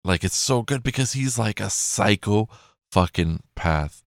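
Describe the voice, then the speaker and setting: A man's voice: fairly low pitch, expressive, unhurried, gravelly, dry recording, studio quality. A man chatting casually and rambling, with plenty of swearing and self-corrections.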